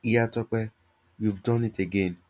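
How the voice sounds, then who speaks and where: A man's voice: fairly low pitch, fairly even intonation, unhurried, darkish tone, natural voice. A man voicing a playful, confident woman in her thirties, a salon customer.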